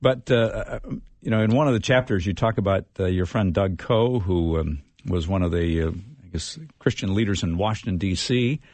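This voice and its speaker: Male interview host, very low voice, hesitant with fillers, dry. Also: a little mellow, no room sound. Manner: halting, with many fillers. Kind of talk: interview introduction and question.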